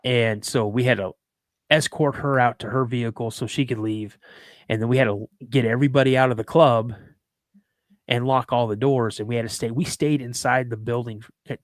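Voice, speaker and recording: This live podcast show features a host whose medium-pitched voice stays steady at a moderate pace, captured without room sound. His anecdotes are casual and wandering, with frequent restarts and repetition.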